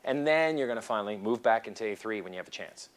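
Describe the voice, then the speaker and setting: A man teaching a seminar, lively and animated, acting out bits of dialogue as he explains. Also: fairly low pitch, fast. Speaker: seminar instructor. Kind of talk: lecture to a class.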